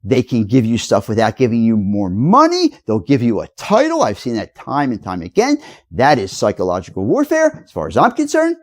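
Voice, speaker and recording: A man's voice: mid-range voice, huge pitch swings, moderate pace. Agitated man ranting at the camera. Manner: agitated, accusatory, lecturing. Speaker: video blogger. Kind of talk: rambling direct-to-camera rant.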